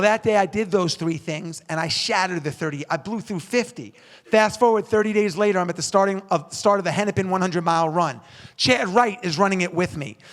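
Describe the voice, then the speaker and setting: A man giving a storytelling keynote as a motivational speaker, energetic and building rhythm through repetition. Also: sits high.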